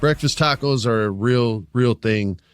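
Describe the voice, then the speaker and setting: A man co-hosting a podcast in relaxed, casual chat, calling people dude and bro. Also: mid-range voice, measured pace, faint music behind. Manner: laid-back, says dude and bro. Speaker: podcast co-host.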